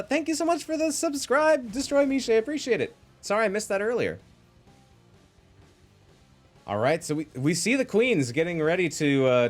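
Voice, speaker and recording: Lively play-by-play man, higher voice. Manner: energetic, quick reactions, thanks viewers. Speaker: esports caster. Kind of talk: live play-by-play commentary.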